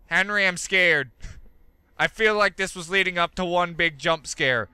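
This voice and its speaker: A man's voice: high voice, unhurried, pushed and bright, clear, resonant tone, dry recording. A young man doing let's play commentary, jumpy and goofy, joking with his pet while he plays. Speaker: gaming video host.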